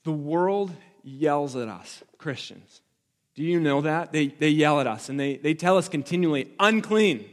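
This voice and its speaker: A man preaching a sermon to his church, building to emphatic repeated lines and dropping back to quiet reflection. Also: a little high, a little slow, big-room sound. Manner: impassioned preaching with rising emphatic repetition. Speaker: pastor.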